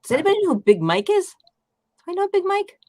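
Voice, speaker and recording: A woman's voice: very high voice, big pitch swings, quick pace, darkish tone, no echo, clean studio sound. A woman with a Long Island New York accent hosting a casual late-night chat, rambling and laughing often. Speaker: live chat host.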